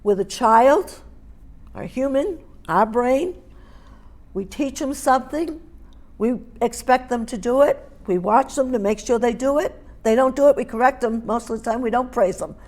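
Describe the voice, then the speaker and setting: A woman's voice: fairly high pitch, moderate pace, a little mellow. A middle-aged woman teaching dog training, speaking emphatically, repeating key points and checking in with her listeners. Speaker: dog grooming and training instructor. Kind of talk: hands-on teaching demonstration.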